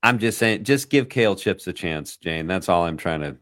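A man's voice: low-pitched, expressive, moderate pace, a bit bright, no echo, clean studio sound. A man hosting a radio talk show, chatting casually and playfully, joking with his guest. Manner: playful, joking, laughs easily.

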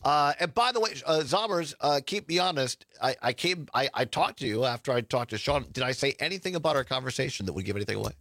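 A man's voice: medium pitch, lively intonation, fast, few pauses, pushed and bright, dry recording. A man hosting a casual interview, chatty and enthusiastic, welcoming his guests. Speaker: radio host.

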